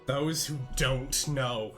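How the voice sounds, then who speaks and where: Relaxed young male podcast host. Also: medium pitch, slow pace, faint music behind. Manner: relaxed, swears casually. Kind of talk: casual chat and read-aloud narration.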